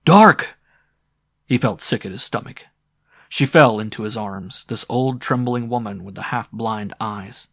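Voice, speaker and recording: Low-voiced male audiobook narrator. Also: fairly even intonation, normal speed, vocal fry, a bit bright, no echo, studio quality. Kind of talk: scripted narration.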